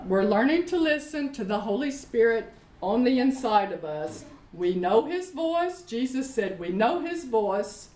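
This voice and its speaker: A middle-aged woman preaching a sermon, reading Bible verses slowly and repeating key phrases. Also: on the high side, slight background noise. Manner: leads call-and-response with congregation. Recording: echoey room.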